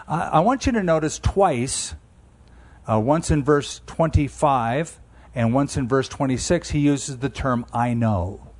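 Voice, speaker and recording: A man in his sixties preaching with a somewhat high voice. He talks to the congregation in an easy, conversational way, then leans hard into the words that matter and slows right down on them. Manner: emphatic, conversational preaching with slowed key phrases. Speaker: pastor. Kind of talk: sermon.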